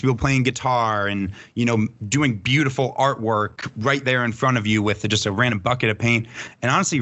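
A man co-hosting a casual sports betting podcast, talking excitedly and swearing, often laughing. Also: medium pitch. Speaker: podcast co-host.

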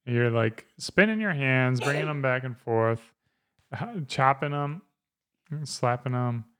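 A man's voice: medium pitch, slow pace, a crowd in the background. A man in his thirties hosting a casual podcast, rambling with lots of fillers and easy laughs. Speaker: podcast host.

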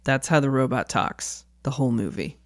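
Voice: mid-range voice, normal speed. A podcast co-host riffing wryly about a movie in casual chat. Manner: wry, joking.

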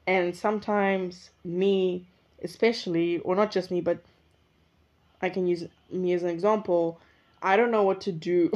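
A woman's voice: lowish voice, steady tone, measured pace, pauses often, darkish tone, dull audio. Rambling young woman. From South Africa. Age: young adult. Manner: rambling, reflective, often corrects herself. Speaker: podcast host. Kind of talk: casual solo podcast monologue. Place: indoors at her usual recording spot.

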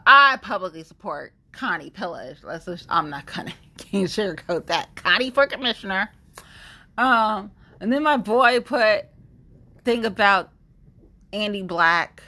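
A young woman talking in a casual monologue, rambling and animated, with blunt opinions and lots of fillers. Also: lowish voice, normal speed. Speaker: vlogger sharing opinions.

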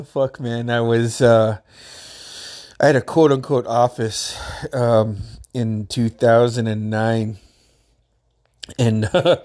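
A man's voice: medium pitch, a little mellow. A man casually telling a rambling personal story, laughing often and swearing a lot.

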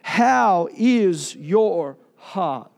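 A man preaching a sermon, emphatic and personal, asking rhetorical questions and slowing down to stress key words. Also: high-pitched, animated, creaky, a little mellow. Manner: confessional storytelling.

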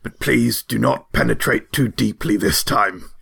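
A man's voice: mid-range voice, a little slow, creaky, fairly bright tone, slightly rough. A man playing a tabletop game, dropping joking asides. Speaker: player. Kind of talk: casual tabletop game play.

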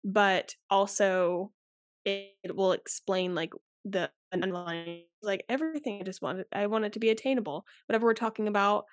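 Twenties woman rambling away as a podcast guest, mid pitch, super candid, dry close sound. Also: fairly even intonation, normal speed, no room sound. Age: 20s. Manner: candid, rambling, talks with many likes and restarts. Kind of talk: casual interview chat.

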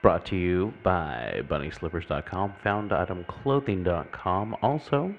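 A man hosting a podcast, reading off sponsor and shop plugs with relaxed, joking asides. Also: low-pitched, unhurried, creaky, faint music behind. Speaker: podcast host. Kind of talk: casual show outro. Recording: dull lo-fi mic with faint hiss.

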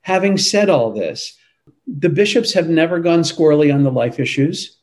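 A man's voice: a little high, expressive, moderate pace, darkish tone, rough recording. Earnest, emphatic man answering questions. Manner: earnest and emphatic, with frequent restarts. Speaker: interview guest, Catholic advocacy leader. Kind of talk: conversational interview answers.

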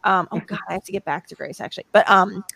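A woman's voice: medium pitch, fast, gravelly, bright, forceful tone, no room sound. Rambling woman guest on a podcast, dry sound. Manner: rambling, many restarts and laughs. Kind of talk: casual podcast chat.

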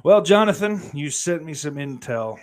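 A man's voice: on the high side, lively intonation, normal speed. Man, from the United States, livestream host, casual chat, profane, rambling, lots of fillers. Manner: profane, rambling, with many fillers and mock outbursts.

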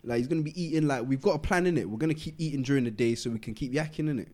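A man's voice: medium pitch, very fast. A young man, telling a long story casually on a podcast, acting out quotes and using street slang. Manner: animated, acts out quotes, London street slang. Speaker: podcast co-host.

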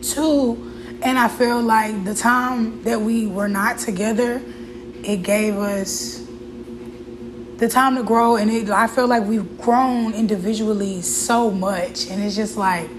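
A woman's voice: a little high, steady tone, slow, noisy background. A woman hosting her own show, talking openly and with feeling about her life, with frequent fillers and restarts. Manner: candid and emotional, with fillers and restarts. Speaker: podcast host. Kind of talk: casual personal talk.

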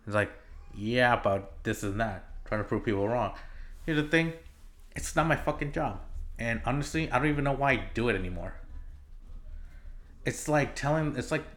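A man's voice: medium pitch, lively intonation, fairly quick, pauses often, a bit bright. A man hosting a solo podcast, ranting in a casual, exasperated way, swearing often and rambling with fillers and restarts. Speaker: podcast host.

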